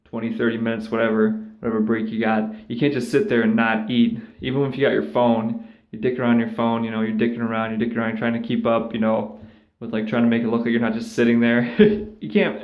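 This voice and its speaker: A man's voice: medium pitch, level tone, fast, darkish tone. A man ranting casually and sarcastically, rambling with lots of swearing and mocking impressions of others. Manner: rambling, profane, sarcastic, with mocking put-on voices. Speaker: vlogger. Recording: echoey room.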